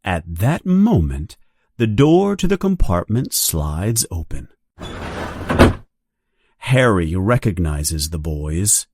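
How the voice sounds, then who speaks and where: Slow, very lively storybook narrator. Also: background noise. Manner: slow, very expressive, raising the pitch for quoted characters. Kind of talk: read-along storybook narration.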